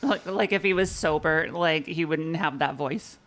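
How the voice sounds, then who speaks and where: Guy with a kinda high voice, curious, stumbling a bit, asking questions on a podcast. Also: normal speed, fairly bright tone. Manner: curious, hesitant, asks lots of questions. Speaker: podcast co-host. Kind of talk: casual chat.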